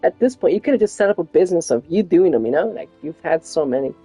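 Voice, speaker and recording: Chatty woman streamer, husky voice. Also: lowish voice, expressive, quick pace, warm tone, soft background music. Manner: chatty, rambling, laughs often. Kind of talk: casual chat while gaming.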